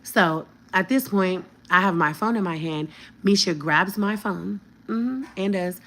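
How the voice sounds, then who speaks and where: A woman's voice: medium pitch, unhurried, a bit bright. A woman in her fifties telling a heated story to her viewers, blunt and profane. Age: 50s. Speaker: vlogger.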